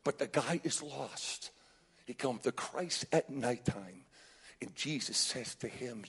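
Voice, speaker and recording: A man preaching a sermon as pastor, fervent, swinging between hushed passages and shouted ones. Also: medium pitch, expressive, slow pace, husky. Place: restaurant hosting a Sunday service. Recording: long reverb in a large room.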